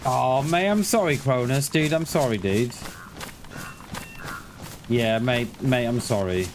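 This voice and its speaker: A man's voice: medium pitch, slow. A man chatting casually and swearing freely as he live-streams a survival game, a parent of a school-age son. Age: adult parent of a schoolchild. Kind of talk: casual live-stream chat while gaming. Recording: clear background noise.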